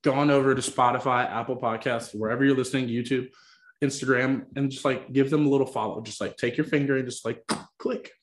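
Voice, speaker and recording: A man's voice: medium pitch, steady tone, fast. Male podcast host, bantering and jokey, mid voice, roomy room sound. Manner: playful, bantering, laughs often. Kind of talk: casual podcast chat.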